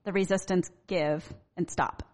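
Woman podcast host, lowish voice. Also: steady tone, a little slow, a little mellow. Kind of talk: interview chat.

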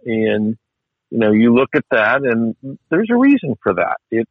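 A man's voice: medium pitch, big pitch swings, moderate pace, no echo, narrow, tinny audio. A man telling stories in a casual chat, wry and chatty, with many restarts and fillers.

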